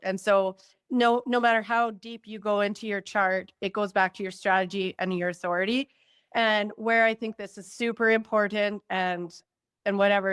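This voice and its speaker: A woman guest on a podcast who explains a personality system in a talkative, lively way and acts out quoted reactions. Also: medium pitch, clean tone, no echo, studio quality. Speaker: Human Design guide.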